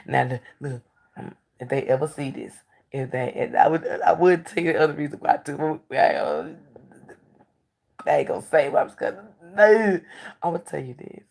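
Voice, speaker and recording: A blunt, candid woman chats casually as a talk show host. Her voice sits low, with a gravelly, husky texture. Her pitch swings widely between animated outbursts and hushed asides. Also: moderate pace. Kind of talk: casual storytelling chat.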